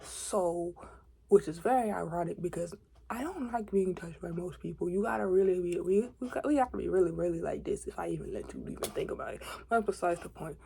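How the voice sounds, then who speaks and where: A woman's voice: lowish voice, expressive, fairly quick, vocal fry, dark tone, a little hiss or hum. A woman of twenty in a casual confiding vlog, rambling and chatty, with asides, self-corrections and dips into a whisper. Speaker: faith vlogger.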